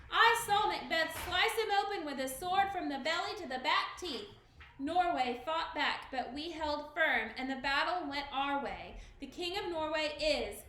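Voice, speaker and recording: A woman's voice: high voice, pushed and bright, heavily acted. A woman reading the part of a wounded soldier reporting breathlessly, in a roomy room.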